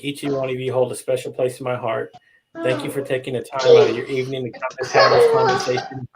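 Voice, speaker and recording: A man's voice: mid-range voice, slight background noise, rough recording. Man hosting, gushing heartfelt thanks. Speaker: host. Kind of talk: live online roundtable sign-off.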